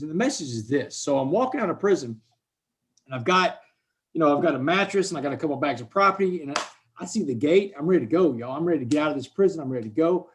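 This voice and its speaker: Man, 40s, fairly high voice, emphatic storyteller on a video call. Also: lively intonation, a little fast. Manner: emphatic, repeats words, addresses listeners as "man" and "y'all". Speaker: guest speaker. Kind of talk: conversational storytelling.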